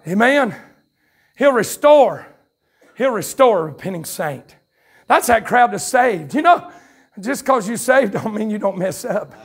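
A Southern man preaching at a campmeeting, his voice pitched high and gravelly with a husky edge. He swings from fiery shouts into quick, folksy asides to the congregation. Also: lively intonation. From North Carolina, USA. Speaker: pastor. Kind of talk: revival sermon. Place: church sanctuary at a campmeeting. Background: congregation calling out responses.

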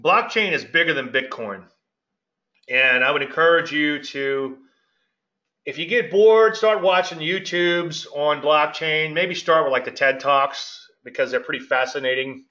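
A man's voice: fairly high pitch, a little slow, bright, forceful tone. A middle-aged man hosting a casual trading commentary, gregarious and rambling, often breaking off mid-sentence. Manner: gregarious, rambling, self-interrupting. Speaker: market analyst and show host. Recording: dull lo-fi audio.

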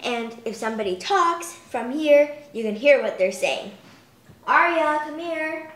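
A woman's voice: fairly high pitch, lively intonation, moderate pace, roomy sound. A young woman showing off a toy in a chatty home video, stringing thoughts together with many fillers. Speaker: toy demonstrator. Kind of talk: casual product demo.

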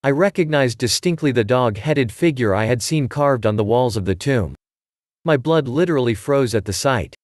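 A man reading a story aloud in a measured narration style. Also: mid-range voice, expressive, no room sound, clean studio sound. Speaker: audiobook reader. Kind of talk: scripted narration.

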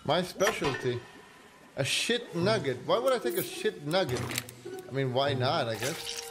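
A man's voice: fairly high pitch, animated, unhurried. A man casually commentating his own video game play, joking and swearing to himself. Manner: profane, joking, talks to himself. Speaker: streamer playing a video game. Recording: loud game music behind.

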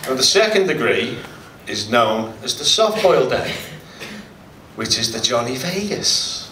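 A man's voice: mid-range voice, very animated, a little slow. A man, doing a live stand-up set in a hotel function room and joking with the crowd. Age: 40s. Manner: chatty, jokes with the crowd. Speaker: stand-up comedian. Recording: roomy distant live recording with loud noise.

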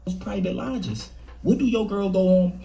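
A man's voice: high-pitched, animated, normal speed, vocal fry, mellow. A man hosting a casual commentary video, mocking and conspiratorial in tone. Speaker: host.

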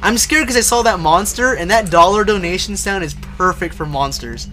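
A man's voice: sits high, normal speed, a little hiss or hum. Jumpy young man streaming a horror game. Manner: jokey, jumpy, shouts when startled. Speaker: livestreaming gamer. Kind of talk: casual live gameplay commentary.

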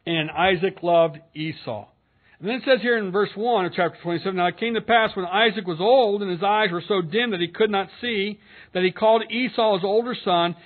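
A man, a pastor, preaching an earnest sermon, reading scripture aloud and commenting between the verses. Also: sits high. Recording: narrow phone-like sound.

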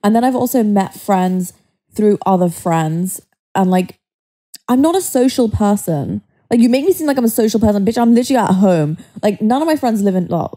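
A woman's voice: medium pitch, dark tone. A young woman co-hosting a podcast, talking bluntly and casually with many fillers and swearing. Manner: blunt, frequent "like", swears, laughs easily. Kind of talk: casual chat.

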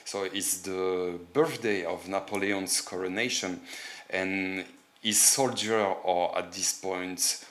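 A man from France with a French accent, giving casual commentary in a halting way with many fillers. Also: low-pitched, fairly bright tone. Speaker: reaction video host.

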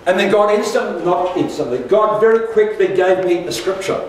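An older pastor preaching a sermon, his fairly high voice carrying through a very echoey church hall. He is picked up from a distance and tells a personal story with humour and quick asides. A faint hiss sits under the recording. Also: lively intonation.

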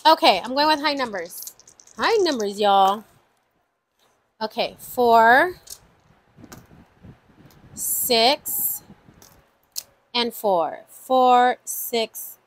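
A woman talking to her viewers in a casual budgeting vlog, her voice sitting a little high. She takes her time, counting numbers aloud in an unhurried way and breaking into frequent exclamations. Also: expressive, poor audio. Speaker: budgeting channel host. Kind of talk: casual savings-challenge vlog.

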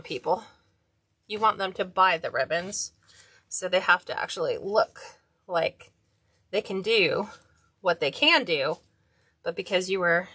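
A woman's voice: medium pitch, pushed and bright, dry recording. A woman hosting a hands-on craft tutorial, chatting casually and talking to herself as she works. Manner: chatty, talks to herself while working.

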